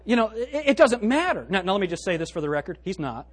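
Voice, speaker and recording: A man preaching a sermon as pastor, reading scripture aloud and swinging between loud and hushed delivery. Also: high voice, sing-song, fast talker, a faint crowd. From United States. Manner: quotes scripture in old-fashioned wording.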